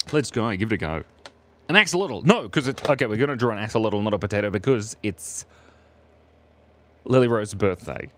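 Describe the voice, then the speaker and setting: A man's voice: fairly low pitch, lively intonation, moderate pace, long pauses, fairly bright tone. An Australian man chatting playfully with viewers while drawing on a live stream.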